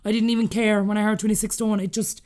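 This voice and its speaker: A woman in her thirties with an Irish accent, a podcast guest telling her story candidly and acting out the dialogue she quotes. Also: medium pitch. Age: 30s. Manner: rapid, animated, acts out quoted dialogue.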